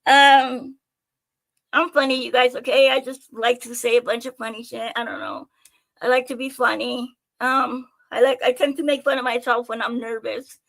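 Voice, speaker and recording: A young woman streaming live, telling her own stories in an animated, chatty way with plenty of swearing and jokes at her own expense. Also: on the high side, moderate pace, vocal fry. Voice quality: animated, chatty, swears freely, self-mocking. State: out of breath. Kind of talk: casual storytelling to viewers.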